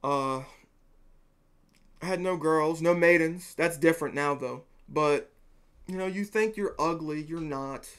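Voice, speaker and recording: Young man, slightly high voice, earnest and rambling, swears casually while talking to camera. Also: a little slow, pauses often, fairly bright tone, clear, resonant tone. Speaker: vlogger giving dating advice.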